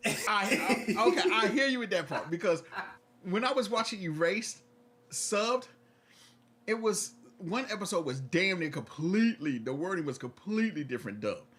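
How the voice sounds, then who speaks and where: A young man co-hosting a podcast in casual chat, animated and playful, often laughing as he tells stories. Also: high voice, moderate pace. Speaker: podcast co-host.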